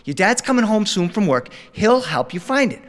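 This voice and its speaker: A man voicing a calm, soothing mother who speaks gently and coaxingly. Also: high voice, normal speed, voice pushed up.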